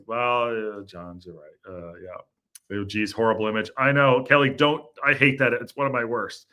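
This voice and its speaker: A man hosting a live football fan show, chatting casually in a jokey way, with quick apologetic asides. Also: on the low side, steady tone, bright, forceful tone, clean tone. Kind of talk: casual live-stream chat.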